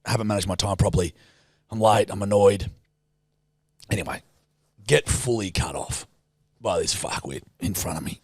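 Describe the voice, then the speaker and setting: A man's voice: on the low side, moderate pace, pauses often, no room sound, studio quality. A man co-hosting a podcast, telling stories in casual banter, swearing and joking a lot. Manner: swearing, jokey, lively storyteller. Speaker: podcast co-host.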